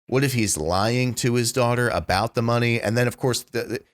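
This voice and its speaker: A man co-hosting a podcast, talking excitedly in a casual way, full of "like" and "dude", with some swearing. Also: mid-range voice, normal speed, no echo, clean studio sound. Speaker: podcast co-host. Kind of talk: casual chat.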